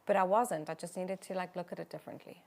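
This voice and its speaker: A woman co-hosting a talk show in casual chat, reflective and speaking softly. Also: fairly low pitch, fairly even intonation, quick pace, gravelly.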